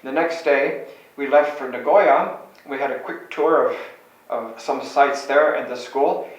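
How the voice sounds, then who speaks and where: An older priest from Chicago tells his memories as meandering anecdotes, stopping often to correct himself. His voice sits at a middle pitch for a man. He sounds far from the microphone in a strongly echoing room. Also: measured pace. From Chicago, USA. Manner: meandering, self-correcting storyteller. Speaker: Catholic priest. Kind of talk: reminiscing anecdotes. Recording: very echoey room, distant mic.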